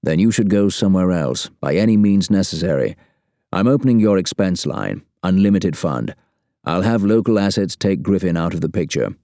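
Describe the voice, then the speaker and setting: A man doing a cold spymaster in a deep, dark voice. He talks tersely and measuredly, with long silences between his lines. The sound is dry and close. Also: expressive, moderate pace, no room sound. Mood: curt. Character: cold, terse male spy chief.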